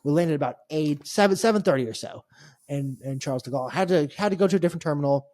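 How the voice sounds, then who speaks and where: A man tells a long-winded travel story on a casual podcast. He rambles and restarts, wry and a little exasperated, and his voice sits a bit high for a man. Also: quick pace, darkish tone, no room sound, studio quality. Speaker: podcast co-host. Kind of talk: casual chat.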